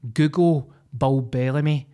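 A man's voice: a little high, fairly even intonation, unhurried, dark tone, clean tone. Sweary Scottish man, podcast co-host. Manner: sweary, blunt and jokey. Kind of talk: casual comedy podcast chat.

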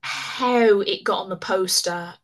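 A woman chatting casually as a podcast guest. She talks in an animated, rambling way, full of fillers and quick laughs, with a pitch that sits in the middle of the usual range. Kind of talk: casual chat.

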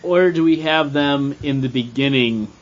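A man in a casual brainstorming chat, thinking aloud as he pitches plot ideas with many fillers. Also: normal speed. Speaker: writer brainstorming a sketch. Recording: dull lo-fi recording.

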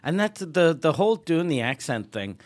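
A man's voice: a little high, big pitch swings, moderate pace. A man from Quebec who is a comedian guest on a podcast, chatting playfully and riffing with mock voices. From Quebec, Canada. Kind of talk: casual comedy podcast banter.

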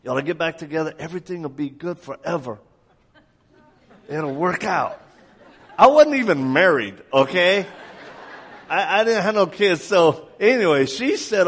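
A man's voice: fairly high pitch, expressive, normal speed. A man preaching a live sermon, telling a story animatedly, acting out the people he quotes and laughing along.

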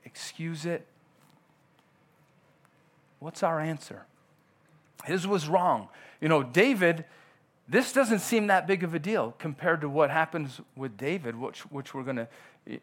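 A man's voice: on the high side, a bit bright. A male pastor delivering a conversational sermon in church, often acting out quoted dialogue.

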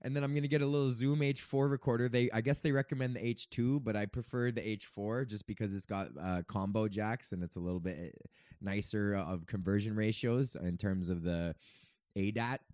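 A man's voice: on the low side, fairly even intonation, brisk, darkish tone, no echo. Podcast host, man around thirty, loose profane rambling, dry room sound. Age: 30s. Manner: profane, meandering, laughs often. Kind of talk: rambling casual monologue.

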